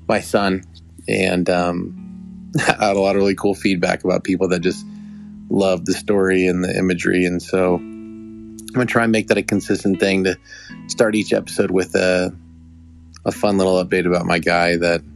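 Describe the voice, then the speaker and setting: A man's voice: deep voice, vocal fry. A young adult man hosting a podcast, telling a rambling, affectionate story with many restarts. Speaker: podcast host. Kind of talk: casual storytelling.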